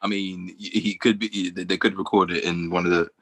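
A man co-hosting a podcast in casual chat, measured and reflective, laughing easily. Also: sits low, level tone, fairly bright tone, no echo. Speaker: podcast co-host.

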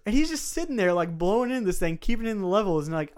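A young man, podcast co-host, telling a story in casual chat, animated and swearing, acting out the voices of other people. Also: high-pitched, fast, clear, resonant tone.

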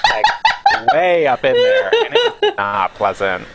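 A speaker in casual chat whose voice swoops across a very wide range. The talk is wry and playful, full of laughter and quick quips. A faint hiss sits under the recording. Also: medium pitch, huge pitch swings.

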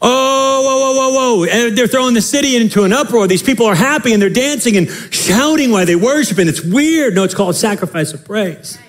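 A male pastor preaching a sermon in an animated, emphatic way, often repeating phrases. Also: high voice, a little fast, few pauses.

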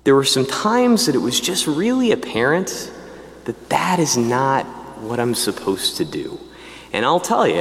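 A priest tells his own vocation story in a lively, casual manner, with asides to the listeners. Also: mid-range voice, long reverb tail. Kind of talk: personal testimony talk.

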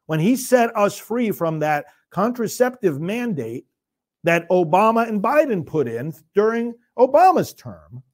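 A man's voice: high-pitched, sing-song, darkish tone. A priest giving an impassioned political commentary in a preaching cadence, firing off rhetorical questions and speeding up in bursts as he gets worked up. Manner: rapid bursts when worked up.

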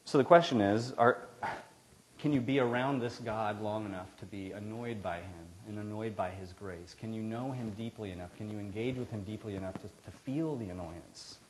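A man's voice: fairly low pitch, moderate pace, a little hiss or hum, rough recording. A man preaching a sermon in a church, in an earnest, conversational way with frequent restarts. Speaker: pastor. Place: church sanctuary.

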